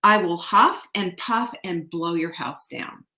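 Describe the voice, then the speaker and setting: A woman's voice: fairly low pitch, lively intonation, takes it slowly, pushed and bright, heavily acted. Woman putting on a sly big bad wolf, storybook bully, always the same old routine, roomy echo. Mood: threatening. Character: big bad male wolf, tricky and predictable. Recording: echoey room.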